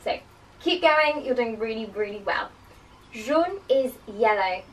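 Bright, lively woman teaching children. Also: fairly high pitch, far from the mic. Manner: encouraging and playful, repeats words slowly for children to echo. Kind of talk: children's language lesson.

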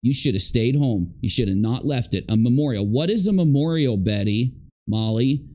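A man's voice: mid-range voice, lively intonation, normal speed, darkish tone. A man giving indignant reaction commentary on video clips, stressing points by repeating them.

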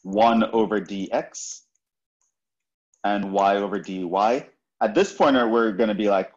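A man's voice: fairly low pitch, normal speed, lo-fi sound. A man lecturing on math, explaining step by step and often checking in with "right?". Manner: explanatory, repeats points, frequent "right?" checks. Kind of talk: university lecture.

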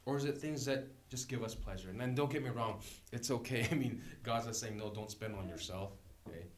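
Guest preacher, male, mid pitch, conversational and joking, echoey church room. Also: brisk, slight background noise. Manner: conversational and joking, laughs often. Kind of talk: sermon. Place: church sanctuary.

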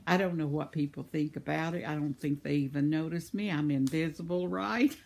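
A woman's voice: low-pitched, fairly quick, gravelly, darkish tone. An older woman telling a rambling everyday story in a chatty vlog, laughing often as she talks. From United States. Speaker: vlogger. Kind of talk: casual storytelling.

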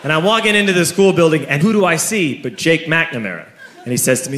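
On stage before an audience, a young comic spins an animated story, yelling punchlines over the laughter. He talks fast in a slightly high voice, captured in a roomy recording full of crowd noise and laughs.

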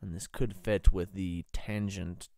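Brief: man playing a slow, formal scholar-official, low gravelly voice, polite and hesitant, close dry mic. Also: fairly even intonation, dark tone, no echo. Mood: pondering. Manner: measured, hesitant, courteous. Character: formal, learned male official briefing adventurers.

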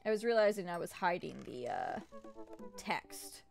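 A woman streamer chatting casually and reading game dialogue aloud with quick asides. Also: lowish voice, very animated, creaky, darkish tone, faint music behind.

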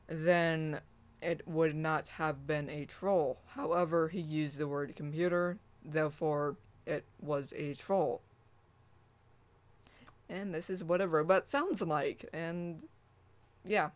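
Slow, rambling woman vlogger. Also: low-pitched, fairly even intonation. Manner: laughing, rambling, with repeated restarts. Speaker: channel host. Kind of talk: casual vlog chat.

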